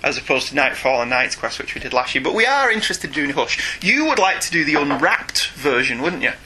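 A man's voice: fairly high pitch, sing-song, brisk, background noise. A middle-aged British man co-hosting a podcast, reading listener emails aloud, teasing and laughing often. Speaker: podcast co-host, father.

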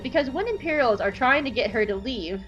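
A woman hosting a podcast, recapping an episode in an animated, jokey way. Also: a little high, brisk, dull audio, faint music behind. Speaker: podcast host.

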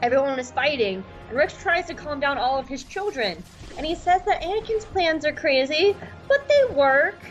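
A woman podcast host giving a chatty, irreverent recap of an animated show. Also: high-pitched, normal speed, muffled recording, faint music behind. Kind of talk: casual recap.

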